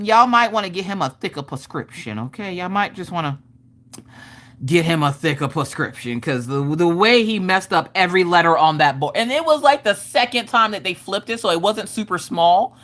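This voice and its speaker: A woman, hosting a live stream and chatting casually with viewers while telling a funny family story. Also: on the low side. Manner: animated, acts out quotes of others while telling a funny story. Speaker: streamer host.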